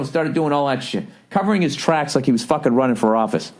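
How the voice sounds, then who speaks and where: A man's voice: medium pitch, lively intonation, fast, hardly any pauses, darkish tone. A man in his forties hosting a podcast, telling a comic story in a profane, exasperated, ranting way. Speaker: podcast host. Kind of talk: comedic storytelling monologue.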